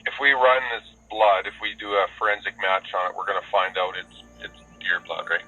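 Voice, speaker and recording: A police officer questioning a suspect in a pressing, probing way, heard in a faint, noisy archive recording. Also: male voice, low voice, fairly quick, sharp tone. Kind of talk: police interview.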